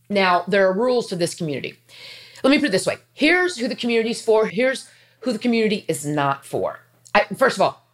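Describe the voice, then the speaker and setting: A woman in her fifties talking earnestly and chattily to her viewers, emotional and near tears, with quick asides. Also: mid-range voice. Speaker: faith vlogger. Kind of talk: heartfelt casual talk to camera.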